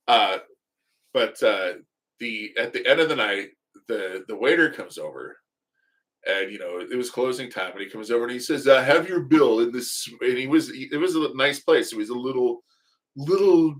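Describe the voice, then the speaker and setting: A man's voice: medium pitch, a bit bright. A man hosting a casual livestream, telling rambling, joking, profane stories. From United States. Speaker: livestream host.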